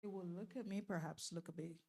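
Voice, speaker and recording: A woman speaking at a church marriage seminar, lively and laughing often as she questions the audience directly. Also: fairly low pitch, quick pace, creaky, slightly rough. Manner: laughs often while talking.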